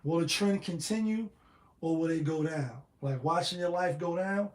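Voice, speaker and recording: A man hosting a casual solo show on betting picks, slangy and animated, firing off rhetorical questions. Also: a little high, normal speed, roomy sound. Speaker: sports betting show host.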